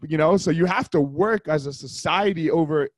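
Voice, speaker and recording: A man's voice: on the high side, normal speed, no room sound, studio quality. A man hosting a podcast, chatting casually with lots of "like" and "man". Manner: conversational, frequent "like" and "man". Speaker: podcast host. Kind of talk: casual interview chat.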